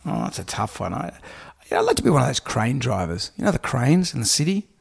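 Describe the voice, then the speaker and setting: A middle-aged Australian man, a radio host being interviewed, chatting in a relaxed, joking way and telling stories with a dry, laid-back delivery. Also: medium pitch, fast talker, vocal fry, slightly rough.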